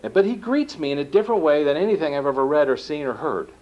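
A man giving a talk to an audience, telling his story animatedly and acting out quoted dialogue. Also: fast talker. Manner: acts out quoted dialogue with lively pitch jumps. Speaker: speaker giving a book talk. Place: lecture room. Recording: dull lo-fi recording.

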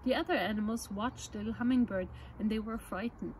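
A woman presenting children's books, reading a picture book aloud at story time in a gentle, measured way. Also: mid-range voice, a little hiss or hum, rough recording.

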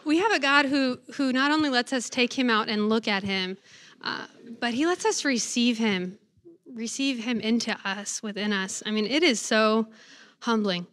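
High-voiced nun giving a reverent talk. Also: female voice, fairly bright tone. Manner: reverent and slow on scripture, playful when telling stories. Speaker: religious sister giving a talk. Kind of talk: faith talk to college students, mixing scripture and stories.

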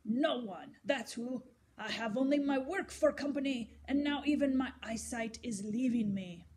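A woman voicing a gruff, bad-tempered old male painter in a storybook reading. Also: on the high side, unhurried, darkish tone. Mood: indignant. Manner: gruff, irritable.

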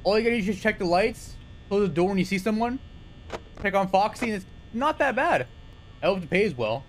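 A young man commentates his stream with a high, bouncing voice that leaps up and drops low again. He talks excitably, yelps and swears when startled, and whoops when things go his way. A faint noise floor sits behind him. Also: a little fast. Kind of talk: live gameplay commentary.

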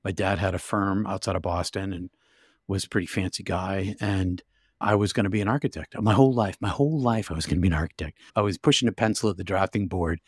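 A man's voice: deep voice, fast talker, breathy edge, no room sound, studio quality. A man telling a personal story vividly and intensely as an interview guest, with frequent restarts.

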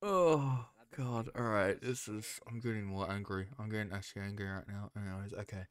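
A man streaming himself watching an esports match, commenting live and swinging into loud, exasperated rants, swearing when frustrated. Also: fairly low pitch, a little fast, clean tone.

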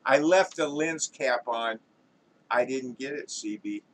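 A man's voice: medium pitch, measured pace, a bit bright. A man voicing a veteran cameraman who cannot believe his own mistake. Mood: embarrassed. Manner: disbelieving, apologetic. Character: veteran male cameraman, stunned and embarrassed.

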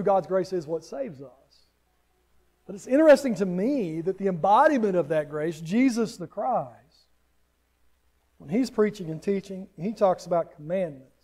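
A Southern American man preaching with an earnest, explaining manner. His voice sits high for a man yet sounds dark and mellow. He often doubles a word at the start of a phrase as he works through his point. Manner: earnest, repeats words when starting a thought. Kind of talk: sermon.

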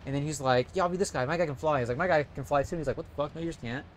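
A man's voice: fairly high pitch, rapid-fire, slight background noise. A young man casually commentating a video game stream, rambling and swearing often.

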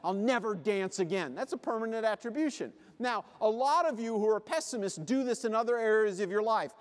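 A man with a high, brisk voice gives a comic motivational talk as a keynote speaker in a convention hall, with live hall reverb. He acts out little scenes using funny voices.

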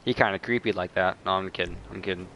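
A man livestreaming a game, chatting casually with viewers, joking, swearing freely, laughing often and shouting at the game. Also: low voice, fairly even intonation, quick pace, slight background noise. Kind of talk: casual gaming livestream chat.

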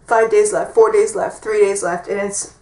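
Teen girl vlogger, chatty and rambling, mid-pitched voice, faint hiss in the room. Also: steady tone, moderate pace. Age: teens. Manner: chatty, rambling, heavy use of "like". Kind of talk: casual vlog chat. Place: her bedroom at home.

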